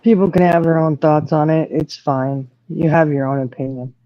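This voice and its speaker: A man's voice: on the high side, fairly even intonation, moderate pace, dry recording. A man hosting a casual livestream chat, angry and profane, holding back tears. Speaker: livestream host. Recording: dull lo-fi mic.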